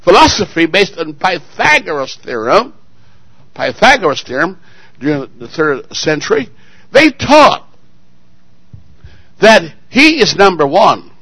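High, lively, bright-voiced preacher man. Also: measured pace, pauses often, husky, no room sound, low-quality recording. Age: adult, married. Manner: emphatic, call-and-response questions to the congregation; swings between loud exclamations and soft asides. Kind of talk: sermon.

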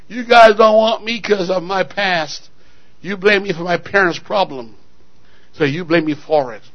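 A man's voice: sits high, a little slow, highs cut off. A preacher acting a wailing warrior father. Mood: defensive. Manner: shouting, crying out. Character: grown male warrior father, anguished and emotional.

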